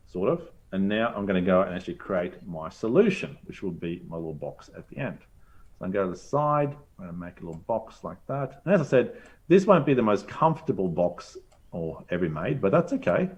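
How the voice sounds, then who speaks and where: A man's voice: on the low side, expressive, normal speed, a little mellow, lo-fi sound. A man teaching a live online session, thinking aloud in an upbeat, chatty way as he clicks through a demo. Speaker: teacher presenter. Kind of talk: live screen-share demo lesson.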